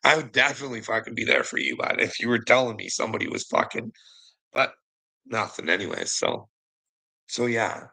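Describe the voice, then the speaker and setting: Man from Canada, gravelly bright voice, lively pitch, rambling confessional vlog monologue full of swearing. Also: brisk, poor audio. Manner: rambling, heavy swearing, frequent "you know what I mean"; trails off quietly at phrase ends. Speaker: vlogger. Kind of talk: casual monologue to camera.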